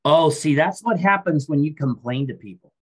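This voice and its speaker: A middle-aged man from Iowa, a grain businessman, chatting calmly in an interview and telling stories at an unhurried pace with frequent ums. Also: on the high side, breathy edge. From Iowa, USA. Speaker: guest, grain business owner. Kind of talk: casual interview chat.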